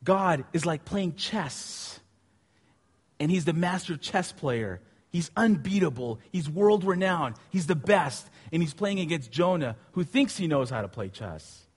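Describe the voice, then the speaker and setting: A man preaching a sermon with animated storytelling, asking his listeners questions. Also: a little high, measured pace, slightly rough. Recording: long hall reverb.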